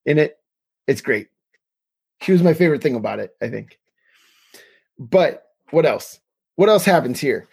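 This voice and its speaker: A man's voice: fairly high pitch, lively intonation, moderate pace, creaky, pauses often, darkish tone, slightly rough. A man co-hosting a casual podcast chat, recapping scenes, quoting lines and chuckling often. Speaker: podcast co-host.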